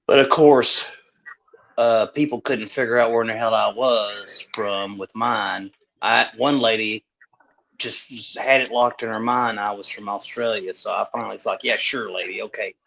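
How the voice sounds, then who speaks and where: Low bright-toned man. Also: fairly even intonation, unhurried, vocal fry, poor audio. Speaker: podcast co-host. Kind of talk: casual podcast banter.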